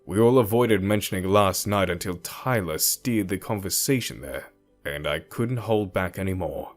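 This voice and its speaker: A man narrating a first-person romance story in an expressive storytelling manner. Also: low voice, moderate pace. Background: faint music.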